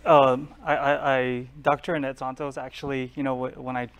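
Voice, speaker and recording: A man's voice: mid-range voice, little pitch movement, moderate pace, clean tone. A young man talking casually in an interview, chatty and often saying "like". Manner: chatty, laughs, says like often. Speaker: political candidate.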